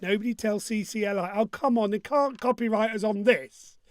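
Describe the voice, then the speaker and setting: A man's voice: high voice, a little fast. A man hosting an online pub quiz, joking along and humming his own jingles. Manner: jokey and upbeat, hums his own jingles.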